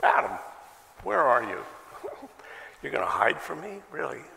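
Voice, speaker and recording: A man's voice: fairly high pitch, very animated, measured pace, creaky, sharp tone, long reverb tail, a little hiss or hum, voice pushed up, exaggerated voice, low-quality recording. A male pastor voicing God, who questions people in a mild, teasing way during a sermon. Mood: gently chiding.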